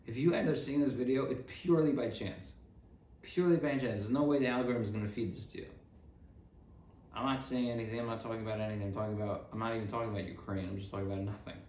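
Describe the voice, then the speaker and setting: Man, rambling sarcastic host, mid-range pitch, roomy recording, faint hiss. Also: steady tone, rapid-fire, darkish tone. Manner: rambling, sarcastic, self-interrupting. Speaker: podcast host. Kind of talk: casual comedic monologue. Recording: roomy with faint background noise.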